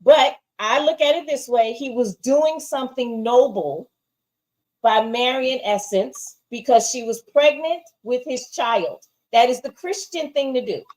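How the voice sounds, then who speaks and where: A woman's voice: sits high, measured pace, darkish tone, rough recording. Opinionated woman in a casual review chat. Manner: opinionated, emphatic, rhetorical "right?". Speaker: show co-host.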